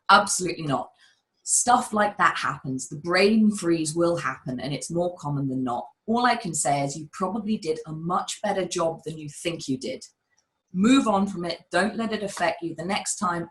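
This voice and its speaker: A woman with a neutral British accent, a public speaking coach giving energetic, emphatic advice on a webinar video call. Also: sits low, poor audio. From United Kingdom. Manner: emphatic, energetic storyteller, addresses the audience directly.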